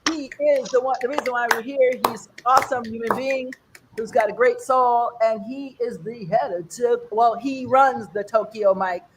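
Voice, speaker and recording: An upbeat host emcees an online comedy fundraiser over a video call and teases the audience along the way. The voice sits at a middling pitch. Faint noise hums behind it. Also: steady tone, moderate pace. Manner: playful, teasing and upbeat. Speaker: show host.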